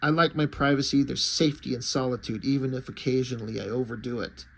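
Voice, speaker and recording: A man's voice: mid-range voice, fairly even intonation, fast talker, gravelly, a bit bright, pitched below the performer's own voice. A man reading aloud the lines of a reserved, private male inventor, in a plain voice close to his own. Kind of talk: reading comic dialogue aloud.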